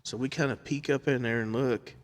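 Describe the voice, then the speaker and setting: A man's voice: medium pitch, fairly quick. A man telling a funny story in a casual chat, laughing often and acting out the people in it. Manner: animated, laughs often, acts out quotes.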